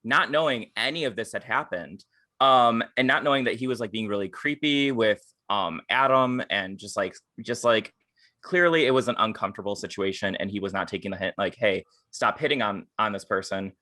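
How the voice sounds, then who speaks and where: A man co-hosting a podcast, chatting casually and telling stories in an animated way, swearing freely. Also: on the low side, brisk, no room sound. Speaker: podcast co-host. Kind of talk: casual chat.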